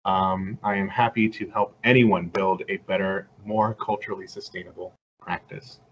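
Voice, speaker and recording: A man's voice: low voice, normal speed. Earnest man lecturing over a video call. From Puerto Rico. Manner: earnest, conversational, lively with frequent fillers. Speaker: guest lecturer. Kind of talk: online lecture and Q&A. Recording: slightly dull video-call audio with faint background noise.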